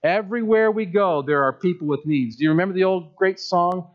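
Male preacher, high pitched, delivers with rising emphasis, muffled sound. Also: fairly quick. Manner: emphatic preaching, swells and drops. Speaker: pastor. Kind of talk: sermon. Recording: dull lo-fi sound.

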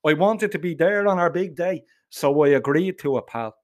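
A middle-aged man telling a comic story in a gruff, sweary, blunt way. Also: on the high side, moderate pace.

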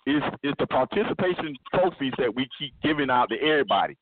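A man hosting a casual sports podcast, ranting loudly and laughing as he makes his points. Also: medium pitch, quick pace. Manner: loud, animated ranting with laughs. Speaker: podcast host. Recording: tinny phone-like line with noise.

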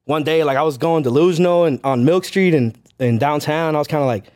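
A young man, a podcast guest telling his story in casual chat, animated and full of "like" and swearing. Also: a little high, brisk. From Chelsea, Massachusetts.

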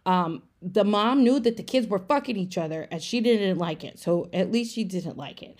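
A woman giving a rapid, casual, run-on plot recap for a podcast, peppered with profanity. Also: medium pitch, darkish tone. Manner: breathless run-on storytelling, profane. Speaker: podcast segment presenter.

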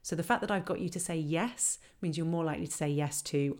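A woman on a podcast explaining how to handle complaints, lively and acting out the lines customers and staff might say. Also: deep voice, quick pace. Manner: animated, acts out quoted dialogue. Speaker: customer service trainer.

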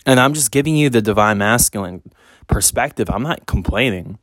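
A man's voice: on the low side, expressive, a little fast, fairly bright tone. A man speaking as a spiritual reader in a casual monologue, blunt and emphatic, cursing freely.

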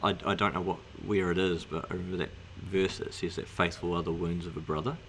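Deep-voiced man in earnest faith talk. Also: level tone, fast talker, a bit bright, a little hiss or hum. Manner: earnest, agreeable, many fillers. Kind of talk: casual faith discussion.

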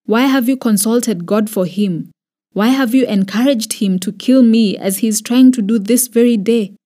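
Kenyan woman reading a raging suspicious king, shouted, high-pitched, mellow timbre. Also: moderate pace, natural voice. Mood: furious, accusing. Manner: loud accusing shouts.

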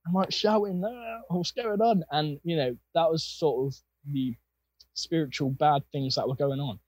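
A young man with a husky voice, telling his personal faith story in an earnest, rambling way with plenty of fillers. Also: a little high, normal speed, darkish tone, no room sound. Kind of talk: casual personal testimony.

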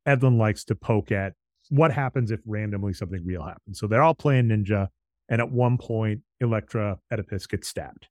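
A man co-hosting a casual chat about comics, explaining at length and retelling scenes with quick quoted voices. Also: lowish voice, a little mellow, dry recording. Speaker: podcast co-host.

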